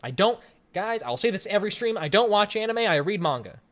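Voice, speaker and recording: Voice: mid-range voice, sing-song, a little fast, a bit bright. A person in their twenties from Colorado, hosting a casual livestream Q&A from home and answering chat in a rambling, joking way. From Colorado, USA. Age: 20s. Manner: rambling, joking, chatty with frequent restarts. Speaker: livestream host. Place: home room, in front of a webcam. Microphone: desk microphone on a stream setup.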